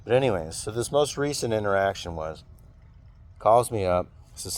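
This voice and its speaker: A man's voice: sits low, moderate pace, a little mellow. A man telling a story in a casual venting monologue, rambling and swearing freely. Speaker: vlogger venting.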